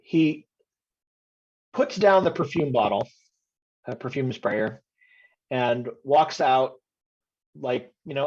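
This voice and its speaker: A man narrating a tabletop game as game master, hesitant, with many pauses and ums while describing scenes. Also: medium pitch, animated, darkish tone. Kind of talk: narrating a tabletop game over video call. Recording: dull lo-fi audio.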